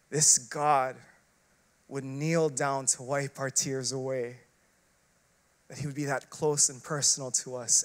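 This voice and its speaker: With a mid-range voice, this man preaches as an associate pastor, talking conversationally and leaning on fillers and rhetorical questions. He moves back and forth between hushed passages and loud, forceful outbursts.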